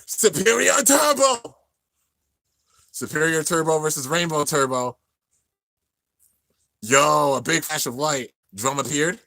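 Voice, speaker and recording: Young man, high-ish voice, live reaction commentary, emotional play-by-play. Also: measured pace, pauses often, no echo. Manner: excited, narrating on-screen action, drops to near-tears murmurs. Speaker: anime reaction host.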